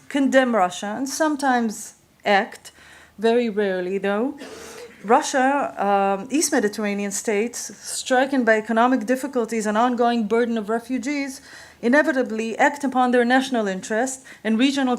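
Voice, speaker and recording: A woman giving a prepared talk at a conference, measured and reading from notes with occasional fillers. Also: on the high side. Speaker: conference speaker. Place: conference hall.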